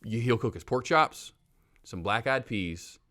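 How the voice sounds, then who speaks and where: A man from the American South co-hosting a podcast in casual chat, laughing often and swinging between loud and soft. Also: medium pitch, expressive, unhurried. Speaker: podcast co-host.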